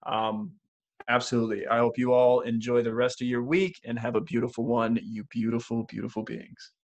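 A man's voice: mid-range voice, steady tone, normal speed, darkish tone. A man co-hosting a spiritual podcast, talking in an earnest, emotional, rambling way with many restarts. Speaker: podcast co-host. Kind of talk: casual spiritual podcast chat.

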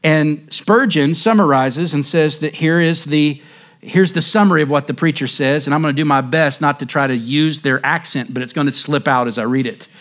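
A man's voice: fairly high pitch, moderate pace, a bit bright. A male pastor preaching a sermon in an impassioned, emphatic way.

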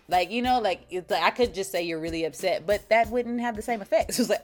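A woman hosting her podcast in a casual chat, playful and animated, saying y'all. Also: mid-range voice, brisk, soft background music. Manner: animated, playful, says y'all, sings intros. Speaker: podcast host and founder.

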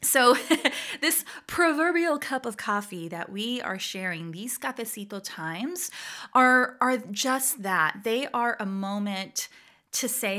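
A middle-aged woman from Puerto Rico, raised in Georgia, hosting a podcast in a casual, animated way with frequent laughs. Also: on the high side, slow. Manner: warm, animated, laughs often. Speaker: podcast host, voice teacher.

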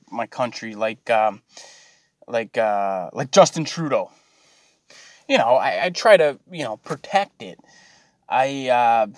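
A Canadian man with an everyday Canadian accent, talking off the cuff in a loose, sweary rant. His pitch sits in a middling range, and the recording is dry and close with no room echo. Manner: profane, easily sidetracked, loose and rambling. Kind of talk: rambling comedic rant.

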